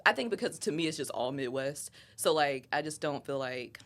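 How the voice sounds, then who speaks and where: A woman's voice: sits low, expressive, moderate pace, fairly bright tone. A woman in her thirties with an Ohio accent, chatting casually as a podcast guest and laughing often. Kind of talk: casual chat.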